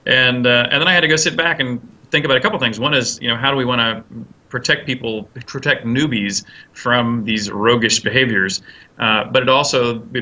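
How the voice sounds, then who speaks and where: A man's voice: medium pitch, sharp tone, lo-fi sound. A man, a game designer, answering interview questions and telling a long anecdote with many fillers and restarts. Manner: rambling, many fillers and restarts, acts out quotes.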